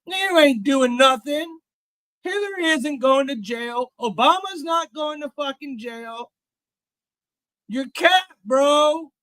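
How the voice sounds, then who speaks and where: A man hosting a live stream, ranting in a heated, profane way and often shouting. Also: very high voice, lively intonation, takes it slowly, no echo. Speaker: livestream host. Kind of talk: profane live reaction rant.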